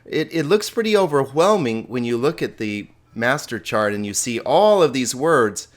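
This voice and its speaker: A man's voice: mid-range voice, animated, normal speed. Patient male Greek teacher. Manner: patient, repeats and restarts words while explaining; holds a cat while teaching. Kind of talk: recorded grammar lesson.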